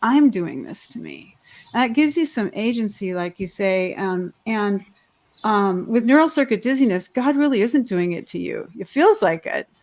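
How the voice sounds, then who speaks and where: Woman panelist, rambling and heartfelt, mid-pitched, video-call sound. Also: sing-song, moderate pace, a little mellow. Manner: rambling and heartfelt, with frequent restarts. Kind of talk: candid personal sharing.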